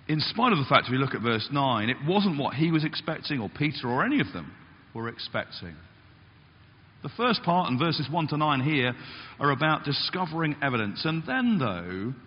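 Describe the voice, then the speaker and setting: A male pastor delivers a sermon with a lively, swooping delivery, sometimes acting out the voices he quotes. The sound is slightly dull and carries a long church reverb. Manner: animated, acts out quotes with big pitch jumps. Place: church hall.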